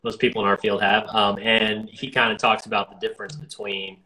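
An American man hosts an easygoing interview in a bright, forward voice. He rambles in a friendly way, looping through fillers and restarts as he works toward his questions. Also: on the low side, level tone, brisk, low-quality recording. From United States. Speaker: podcast host. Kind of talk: casual interview chat.

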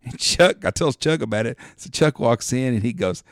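A man's voice: medium pitch, animated, normal speed, dry recording, studio quality. A middle-aged man, telling rambling, profane hunting stories as a podcast co-host. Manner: rambling, profane storyteller who acts out quotes. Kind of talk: casual storytelling chat.

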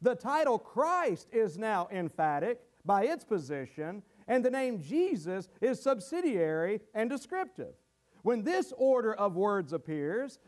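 A man preaching a sermon to his congregation, earnest and teaching verse by verse, often repeating words as he goes. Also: high-pitched.

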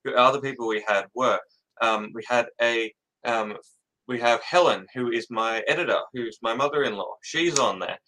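Bright, jittery man rambling cheerfully. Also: mid-range voice, moderate pace, a little hiss or hum, low-quality recording. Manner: jittery, rambling, laughs often. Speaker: author guest. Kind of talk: casual interview chat.

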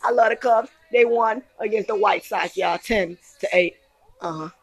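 A woman hosting a casual sports podcast, excitably reading scores and highlights with lots of slang and exclamations. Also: normal speed, creaky, husky, dry recording. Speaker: podcast host.

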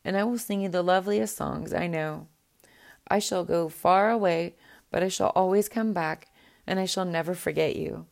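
A woman's voice: on the low side, moderate pace, vocal fry, a little mellow. A woman voicing a small, sad male songbird that longs to be free, speaking plaintively in a storybook reading. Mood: tender.

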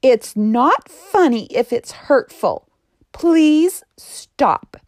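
Storybook ferret, young male, earnest and kind, a woman voicing him, lively lilt, dry sound. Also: high-pitched, extremely slow, no room sound, voice pushed up, heavily acted. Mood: hurt.

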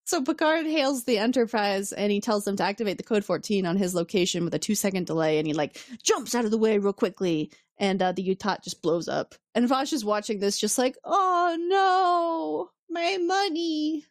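A woman's voice: medium pitch, fairly quick, hardly any pauses, darkish tone, no echo, clean studio sound. A woman co-hosting a casual recap podcast, laughing often and acting out characters' lines as she retells the plot. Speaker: podcast co-host.

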